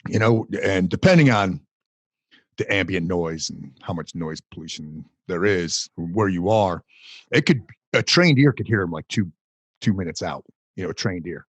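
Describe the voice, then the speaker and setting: A man hosting a podcast, a veteran telling a story in a slow, laid-back way. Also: deep voice, animated, husky, no room sound. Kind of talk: casual podcast chat.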